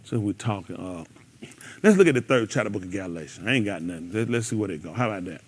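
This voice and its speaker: His voice sits on the low side, animated and fast with a breathy edge. He's a man teaching a congregation's Bible study, reading scripture and then bantering and laughing with the class in a casual, jokey way.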